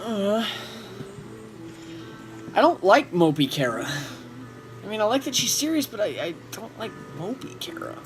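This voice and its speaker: An excitable man chats through a TV episode for his reaction channel. His voice leaps up and down with feeling, and the show's music plays behind him. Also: high voice, unhurried, pauses often. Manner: excitable, emotional, chatty. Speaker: reaction video host. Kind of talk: casual reaction commentary. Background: TV show audio playing.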